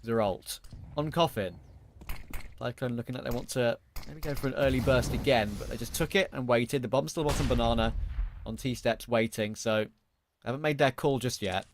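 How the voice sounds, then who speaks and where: A man doing live play-by-play esports commentary, calling the action quickly and excitedly. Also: medium pitch. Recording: broadcast with clear background noise.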